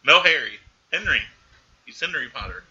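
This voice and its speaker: A man's voice: a little high, sing-song, moderate pace, pushed and bright, husky, dull audio. A man co-hosting a casual podcast, animatedly retelling a film's scenes and acting out its characters' lines. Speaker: podcast co-host. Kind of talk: casual movie recap chat.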